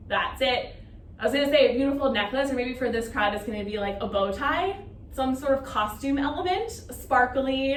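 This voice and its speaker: High-voiced woman cueing a Pilates class. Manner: encouraging, counts reps and cues breath. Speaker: Pilates instructor. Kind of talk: guided exercise class cueing. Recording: roomy, distant mic with faint noise.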